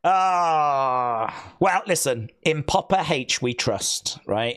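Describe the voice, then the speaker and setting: Guy on a live watch-along stream, slow and dramatic, wails and groans, pitch all over the place, sarcastic. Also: lively intonation, a bit bright, smooth. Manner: theatrical mock despair, sarcastic, wailing and groaning. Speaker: wrestling live-stream host.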